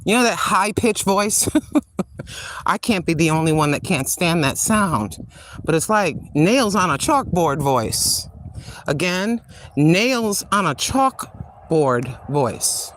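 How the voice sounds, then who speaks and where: A woman's voice: lowish voice, lively intonation, takes it slowly. Rambling older woman livestreaming outdoors. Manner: chatty, rambling, laughs often. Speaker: livestream host. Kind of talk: casual walking livestream chat. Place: outdoors on a street.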